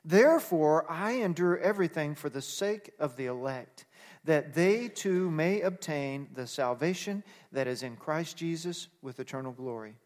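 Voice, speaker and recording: A male pastor preaches in a church sanctuary, his fairly high voice swelling into emphatic, repeated phrases and calls for the congregation to answer back. The sound carries a long hall reverb. He shifts between quiet prayer and forceful declarations. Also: expressive, a little slow. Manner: preaching with rising emphatic bursts and call-and-response. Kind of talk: sermon.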